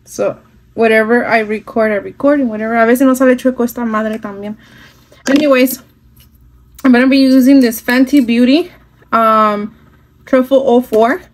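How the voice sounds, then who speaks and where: The makeup vlogger's voice is a little high with fairly even intonation, moving at a moderate pace with long pauses. She chats casually during the at-home phone-recorded tutorial, switching into Spanish and swearing sometimes. The recording quality is rough.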